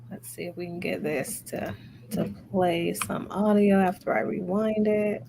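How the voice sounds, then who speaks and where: A woman's voice: fairly low pitch, fairly even intonation, a little slow, gravelly, background noise. A woman hosting and speaking as a clinician, commenting on social media clips and stretching key words for emphasis. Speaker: host and clinician.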